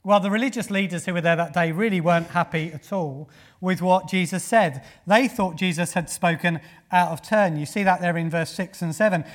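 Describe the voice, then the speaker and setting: A preacher with a slightly high-pitched voice delivers a sermon a little fast. He speaks earnestly, poses rhetorical questions to listeners, and presses key points with rising force.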